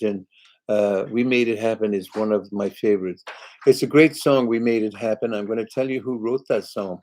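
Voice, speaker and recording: Older British man, warm low voice. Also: slight background noise, poor audio. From Britain. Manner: chatty and rambling, reads messages aloud. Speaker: singer hosting a fan live chat. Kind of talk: casual chat reading viewer comments aloud.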